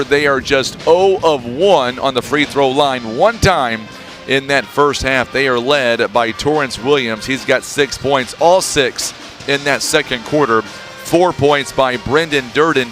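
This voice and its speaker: A male radio basketball announcer reading off halftime stats in a brisk, teasing way. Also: medium pitch, a bit bright. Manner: brisk, reels off numbers, teasing. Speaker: play-by-play announcer.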